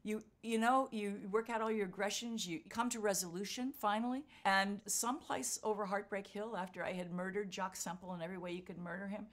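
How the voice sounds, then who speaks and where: A woman's voice: mid-range voice, steady tone, fairly quick, hardly any pauses. Older woman telling a vivid story. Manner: vivid storyteller acting out quotes. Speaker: interviewee, marathon runner. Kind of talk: storytelling interview.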